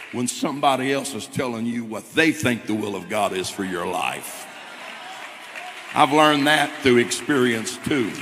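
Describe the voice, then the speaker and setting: A middle-aged man preaching a Pentecostal sermon with emphatic delivery that swells into shouts. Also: a little high, slight background noise. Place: church sanctuary. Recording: long church reverb.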